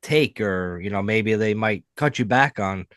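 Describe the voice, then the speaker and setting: A man hosting a podcast, chatting casually and excitedly, with lots of "like" and "you know". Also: lowish voice, a little slow, no echo, clean studio sound. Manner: loose, excitable, lots of fillers. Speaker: podcast host. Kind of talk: casual chat.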